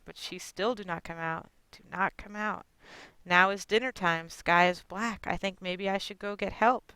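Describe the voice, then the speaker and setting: A woman's voice: fairly low pitch, moderate pace, bright, forceful tone, clean tone, no room sound, rough recording. A woman performing a monologue as a stubborn immigrant grandmother in her late sixties. She speaks in blunt, broken English. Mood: fretful, blunt. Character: stubborn 68-year-old Chinese immigrant grandmother. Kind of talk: dramatic monologue.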